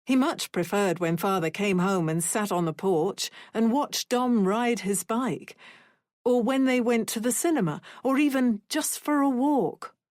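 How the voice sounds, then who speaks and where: A woman narrating an audiobook thriller in a measured, even storytelling manner. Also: fairly high pitch, dry recording, studio quality.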